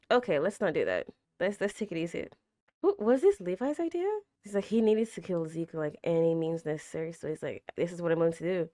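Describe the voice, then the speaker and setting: A young woman hosting an anime reaction, chatting casually with a tired, slightly raspy throat and bursting into gasps and exclamations. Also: fairly low pitch, no room sound, clean studio sound. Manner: animated, gasps and exclaims loudly, chatty with fillers.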